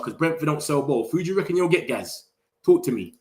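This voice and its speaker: A young man hosting a casual live stream, chatting excitedly and in slang straight to his viewers. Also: a little high, quick pace. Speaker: football livestream host.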